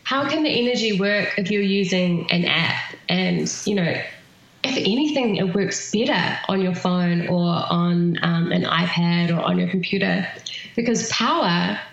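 A woman with a New Zealand accent, a podcast guest chatting at length and filling her pauses with ums. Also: on the low side, gravelly, heavy reverb, dull audio. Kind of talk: casual podcast interview.

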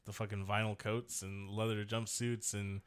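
Smooth-voiced man in rambling podcast chat. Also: fairly low pitch, flat delivery, moderate pace. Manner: rambling, loose, with lots of fillers and swearing. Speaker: podcast co-host. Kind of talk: casual chat.

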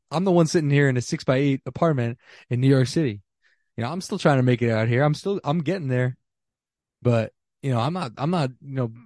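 A man's voice: mid-range voice, darkish tone, no room sound, clean studio sound. A man in his twenties hosting a casual solo podcast, talking bluntly and emphatically in slangy everyday speech with frequent restarts. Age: 20s. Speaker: podcast host. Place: small apartment.

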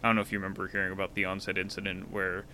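Man, bright voice, slightly low pitch, casual film chat, faint hiss. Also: monotone, rapid-fire. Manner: thoughtful, with many restarts and fillers. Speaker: podcast co-host.

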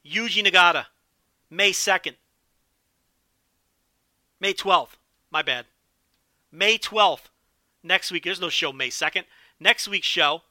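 A man's voice: on the high side, bright, forceful tone, no echo. A man giving a casual wrestling recap, enthusiastic and profane, riffing with jokes. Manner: enthusiastic, profane, joking riffs. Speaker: wrestling show commentator.

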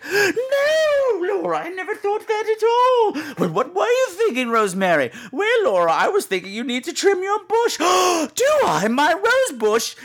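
A male podcast host chatting through a campy, theatrical monologue. His voice sits fairly high, and his pitch rises and falls animatedly as he talks. He keeps a loose, conversational delivery. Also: a bit bright. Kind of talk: casual monologue.

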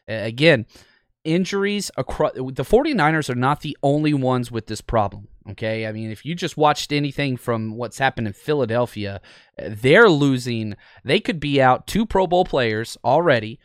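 Recorded dry with clean studio sound, a sports podcast host speaks in a clean, mid-range voice. He is chatty and eager, and his casual talk is full of ums and uhs.

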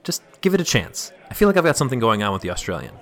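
An actor playing an easygoing, friendly burger blogger in a comedy audio drama. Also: male voice, mid-range voice, big pitch swings, very fast, natural voice.

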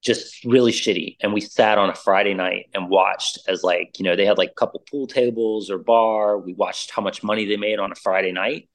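A middle-aged man telling a band story in casual chat, animated and acting out the voices of the people in it. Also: on the low side, normal speed, few pauses. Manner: animated storyteller, acts out quoted voices, says "like" and "dude" a lot. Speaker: interview guest, musician.

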